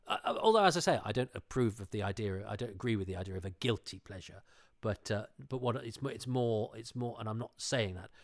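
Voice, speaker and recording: A man's voice: lowish voice, no room sound, studio quality. A man chatting casually, enthusiastic and digressive with a self-deprecating streak. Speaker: show panelist. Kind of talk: casual chat.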